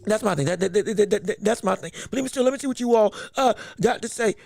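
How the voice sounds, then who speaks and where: Excitable man hosting a boxing stream. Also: sits high, fast, gravelly, hardly any pauses, no echo. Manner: excitable, repeats words when flustered. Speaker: boxing podcast host. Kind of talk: casual live-stream commentary.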